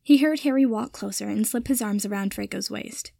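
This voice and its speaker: A woman's voice: medium pitch, fairly quick, vocal fry, dark tone, dry recording, clean studio sound. A young woman reading fan fiction aloud, narrating the story and then signing off with chatty, rambling asides. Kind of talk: storybook narration with a casual sign-off.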